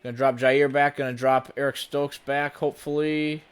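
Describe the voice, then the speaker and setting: A man giving running play-by-play commentary on his own video game session, with sudden bursts of excitement. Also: medium pitch, normal speed, clear, resonant tone. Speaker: gaming channel host.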